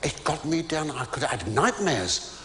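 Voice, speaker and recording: A man's voice: a little high, sing-song, moderate pace, fairly bright tone, slight background noise. An older man doing live stand-up comedy, chatty and stammering, with exclamatory asides to a student audience. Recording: reverberant hall with audience.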